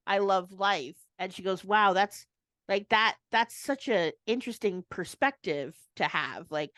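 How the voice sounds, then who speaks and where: A woman's voice: medium pitch, a bit bright, no echo. Woman, chatty co-host, rambling, laughs often, dry close sound. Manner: rambling, laughs often, restarts mid-thought. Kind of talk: casual chat.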